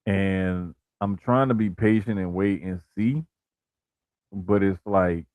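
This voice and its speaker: A man co-hosting a wrestling podcast in relaxed casual talk, full of "like" and "bruh" and frequent restarts. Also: sits low, slow pace, dry recording, phone-quality sound. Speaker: podcast co-host.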